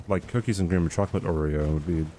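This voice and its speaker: A man streaming a game, chatting casually with his viewers in an animated, argumentative, rambling way, swearing freely. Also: low voice, quick pace, slight background noise. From United States.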